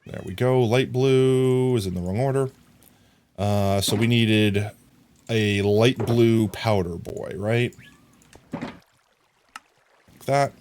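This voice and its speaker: Man streamer, deep-ish voice, chatty, playful asides, faint background hiss. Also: slow pace, long pauses, darkish tone. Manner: chatty, talks to chat, sings silly sound effects. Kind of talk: casual live game commentary.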